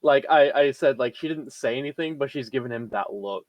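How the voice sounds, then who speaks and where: A man's voice: medium pitch, a little fast, no echo. Hesitant man explaining his game move. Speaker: tabletop game player. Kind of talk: casual tabletop game chat.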